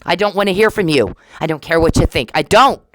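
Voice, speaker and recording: A woman's voice: on the low side, a little fast, no echo, low-quality recording. Woman ranting in an accusing monologue. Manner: accusing, repetitive, confrontational. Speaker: podcaster. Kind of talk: angry monologue aimed at an absent person.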